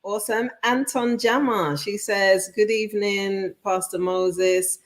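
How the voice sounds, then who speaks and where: A woman's voice: mid-range voice, steady tone, slow pace. A woman from the United Kingdom co-hosting a live church talk show, cheerfully reading out viewer messages and laughing often. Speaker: co-host, pastor's wife.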